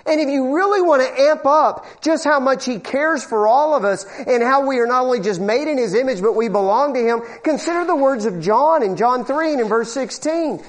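A man preaching a sermon in church to a congregation. He asks the room questions, repeats words as he builds, and swings between loud bursts and low, quiet passages. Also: normal speed, few pauses. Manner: animated, call-and-response questions, stammering repeats. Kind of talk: evangelical sermon.

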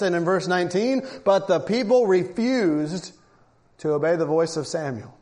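Guy preaching a sermon, reads scripture, punchy emphatic delivery, kinda high voice. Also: animated, normal speed, a little mellow. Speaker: pastor.

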